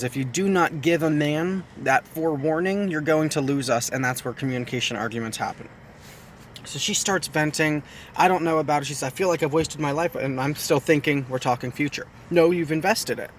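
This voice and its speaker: Faint traffic hums behind this man as he chats to the camera alongside his partner in a casual video. His voice sits fairly high, and his talk is chatty and self-mocking, with repeated phrases used to drive his points home.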